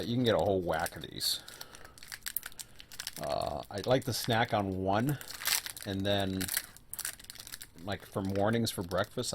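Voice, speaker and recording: Casting: lower-voiced man, loose rambling gaming commentary, faint typing behind. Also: noisy background. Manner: rambling, talks to himself while working. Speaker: host.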